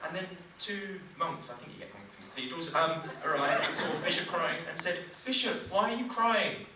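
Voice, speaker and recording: A man's voice: fairly high pitch, fairly quick. A young man doing live stand-up comedy at a church event. He rambles, loses his thread and jokes about his own slips. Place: large hall at a church event. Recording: very echoey hall from far off with noise.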